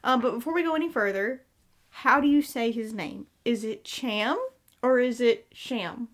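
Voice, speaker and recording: Woman, Southern accent, podcast co-host, slightly high voice, casual, hesitant with fillers. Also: lively intonation, brisk. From American South. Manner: hesitant, filler-heavy, recaps episode notes. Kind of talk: casual chat.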